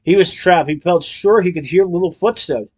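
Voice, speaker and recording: A man's voice: high-pitched, normal speed. Man reading a storybook aloud. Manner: lively storytelling with character voices. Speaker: narrator.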